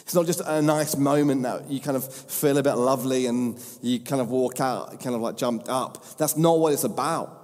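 A man's voice: mid-range voice, moderate pace, darkish tone. A man preaching a sermon with impassioned, repeated emphatic phrases. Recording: long hall reverb.

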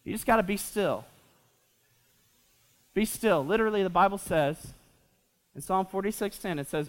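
A man in his twenties preaching a sermon as pastor, animated and casual, full of fillers and asides to the congregation. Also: high voice, moderate pace, pauses often. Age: 20s. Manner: animated, repeats himself with fillers, jokes with the audience. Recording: long reverb of a church hall.

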